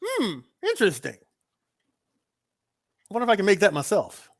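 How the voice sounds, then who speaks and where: A man's voice: high voice, huge pitch swings, normal speed. A man hosting a casual podcast chat, laughing easily and answering with short replies.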